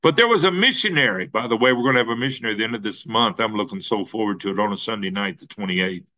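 A male pastor telling a story in a sermon, slow and halting with many fillers, then building to emphatic peaks. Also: lowish voice, sharp tone, low-quality recording.

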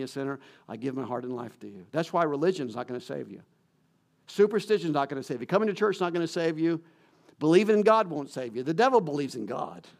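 Earnest preaching man, soft to loud. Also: a little high, creaky. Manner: earnest, pleading questions, swings from soft to loud. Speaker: pastor. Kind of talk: sermon with closing prayer. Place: church.

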